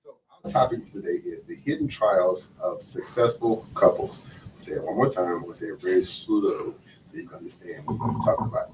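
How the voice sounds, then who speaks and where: Low-voiced man hosting in an echoey room. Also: expressive, fast talker, darkish tone. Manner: slangy, keeps asking "right?" to check in. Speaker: podcast host. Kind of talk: casual podcast chat. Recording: echoey room, mic at a distance, faint noise.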